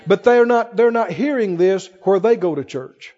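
A man with a high voice preaches a fervent sermon, reading scripture aloud and building it up with bursts of emphasis. He is recorded in a church hall with a long, lingering reverb. The sound is muffled and lo-fi. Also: expressive, moderate pace, warm tone. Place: church with congregation.

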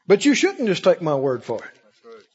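A man preaching a sermon in a large church. He works the crowd with call-and-response, swinging from loud, high cries down to low murmurs. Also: huge pitch swings, moderate pace, slightly rough. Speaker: pastor. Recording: muffled recording with long hall reverb.

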